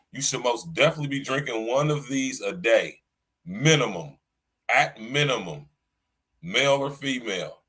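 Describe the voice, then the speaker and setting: A man hosting his own podcast, talking loud and casual in a slangy style, coughing now and then and saying "man" at the end of nearly every line. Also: medium pitch, husky. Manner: loud, slangy, repeats "man" and "you know what I'm saying". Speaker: podcast host.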